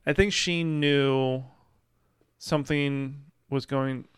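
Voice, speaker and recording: A man's voice: mid-range voice, fairly even intonation, slow, clean tone, no room sound, clean studio sound. A man co-hosting a podcast, discussing a novel in a reflective, hesitant way with many restarts. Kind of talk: casual book discussion.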